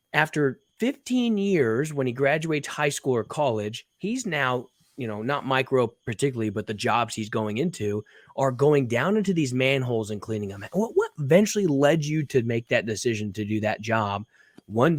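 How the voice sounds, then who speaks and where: A man telling a story in relaxed podcast chat, stringing one question onto the next. His voice is at a middle pitch. The sound is dry and close, with no room ring. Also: normal speed, dry recording. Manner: storytelling, asks many questions. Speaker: podcast co-host. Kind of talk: casual chat.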